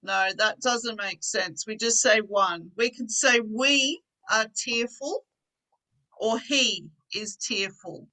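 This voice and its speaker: Slow, bright-voiced woman teacher. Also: fairly high pitch, poor audio. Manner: patient, explains slowly with simple examples. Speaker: English teacher. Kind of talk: online English class for adult learners.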